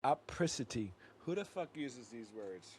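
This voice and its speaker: A man co-hosting a casual podcast, loud and profane, mock-outraged and tripping over his words. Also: medium pitch, animated, moderate pace. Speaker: podcast co-host.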